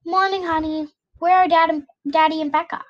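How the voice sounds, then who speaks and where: A woman reading a gentle, patient mother. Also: very high-pitched, fairly even intonation, brisk, muffled recording, pitched above the performer's own voice. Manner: gentle, patient advice-giving. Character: kind, calm mother of a young family.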